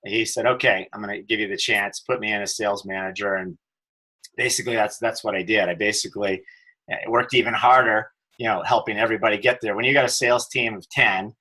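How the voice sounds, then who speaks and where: A man's voice: lowish voice, pushed and bright, rough recording. A middle-aged man, a telecom executive, telling stories as a podcast guest, with many fillers and restarts. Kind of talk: casual interview storytelling.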